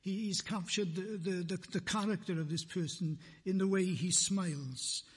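A man preaching a sermon in a church, slow and deliberate, repeating phrases for emphasis, with a husky voice. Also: high voice, long reverb tail.

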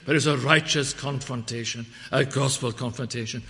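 A man preaching a sermon, swinging from quiet reflection to loud, dramatic proclamation and quoting scripture in old-fashioned wording. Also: medium pitch, steady tone, a little fast. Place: church. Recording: long hall reverb.

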